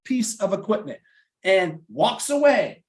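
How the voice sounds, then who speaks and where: A man around forty with a Boston accent hosts a podcast and tells a crude, profane story. His voice sits a little high for a man and swings widely as he acts out each person in the tale. The delivery stays loud, lively and animated from start to finish. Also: unhurried. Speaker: podcast host. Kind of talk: casual storytelling chat.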